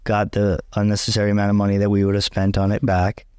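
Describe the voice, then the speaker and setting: A man in his thirties chatting casually with his wife, a wry, animated storyteller. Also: lowish voice, fast, smooth, dry recording, studio quality. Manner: wry, animated storyteller, self-described non-Disney person. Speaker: co-host, husband. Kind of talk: casual chat.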